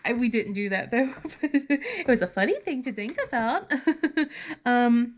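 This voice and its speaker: A woman's voice: on the high side, expressive, a little slow, dull audio. A woman vlogger chatting casually while crafting, rambling and laughing often.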